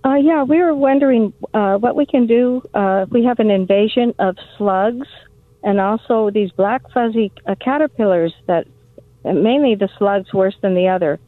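A woman's voice: medium pitch, normal speed, dry recording. A woman calling in to a garden radio show, asking questions hesitantly with many fillers. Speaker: caller. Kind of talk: phone-in question. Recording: tinny phone line.

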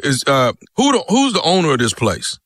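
A man's voice: fairly high pitch, wildly swooping pitch, moderate pace, a bit bright, dry recording. A man making a prank call on the radio, complaining belligerently and repeating himself. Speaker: prank caller.

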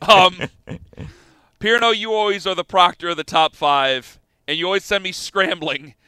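A man hosting a sports radio show from a studio, talking in an animated, excitable way that jumps between topics. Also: high voice, normal speed, clear, resonant tone, dry recording. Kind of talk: casual sports talk chat.

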